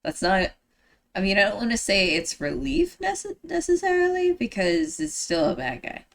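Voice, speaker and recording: A young woman streaming a video game, reading the dialogue aloud and reacting with playful, excitable commentary. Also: mid-range voice, normal speed, creaky, soft background music.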